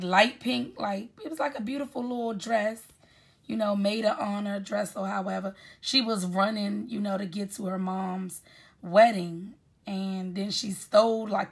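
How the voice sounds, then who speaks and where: A woman's voice: medium pitch, gravelly. A woman giving a casual recap of a TV episode, chatty and full of fillers, speaking. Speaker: YouTube recap host.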